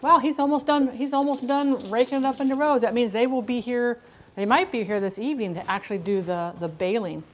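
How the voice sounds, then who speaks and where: Talking to her live-stream audience as she cooks at home, a middle-aged woman speaks on the high side and fairly quickly. Her chat is loose and rambling, with many restarts.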